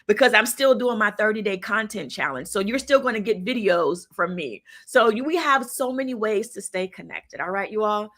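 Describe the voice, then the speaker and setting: A woman's voice: medium pitch, animated, normal speed, hardly any pauses, a bit bright. A woman hosting a casual livestream, talking to her viewers in an encouraging, chatty way. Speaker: livestream host.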